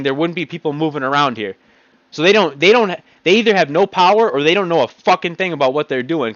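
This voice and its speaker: A man rants in a blunt, agitated way, his voice sitting a bit high for a man. The recording is dull and lo-fi, with a close, dry sound and no room around it. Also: fairly bright tone, no room sound. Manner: blunt, agitated, heavy swearing. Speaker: vlogger. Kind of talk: ranting monologue. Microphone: home computer mic.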